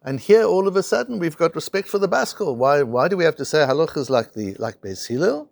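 A man's voice: fairly high pitch, expressive, a little fast, gravelly, dry recording, clean studio sound. A man teaching a Talmud class, telling the stories with animation and weaving in Hebrew and Aramaic terms. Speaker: Torah teacher.

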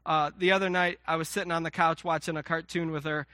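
Male pastor, 30s, high bright voice, dry sound; conversational sermon with acted-out quotes. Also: flat delivery, fast, no room sound. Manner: conversational preaching with self-mocking asides and acted-out quotes.

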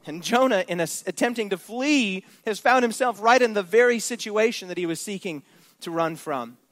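A man's voice: high voice, lively intonation, normal speed, fairly bright tone, no room sound. A male preacher giving an emphatic sermon, posing rhetorical questions to his congregation.

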